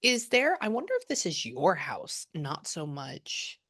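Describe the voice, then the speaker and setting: A woman's voice: low voice, big pitch swings, measured pace, a bit bright, husky. A woman working as a psychic medium, talking casually through a reading and trailing off mid-sentence as she relays messages. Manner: chatty, relays and quotes at length, trails off mid-thought.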